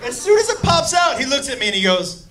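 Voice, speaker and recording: A man telling a profane story in a stand-up set, shouting his punchlines. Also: very high voice, sing-song, fast talker, background noise. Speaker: stand-up comedian. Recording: live club with loud crowd laughter.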